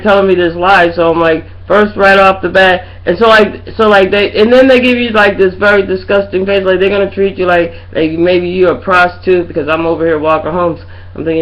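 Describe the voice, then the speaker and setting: A middle-aged woman with a lowish voice rants casually at her webcam, rambling and swearing and often asking whether you know what she's saying. The audio quality is poor.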